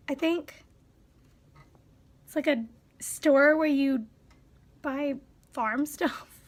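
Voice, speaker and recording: High-voiced woman with a Wisconsin accent. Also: vocal fry, fairly bright tone. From Wisconsin, USA. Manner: chatty, musing, drops into whispers. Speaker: vlogger. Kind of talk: casual vlog quiz.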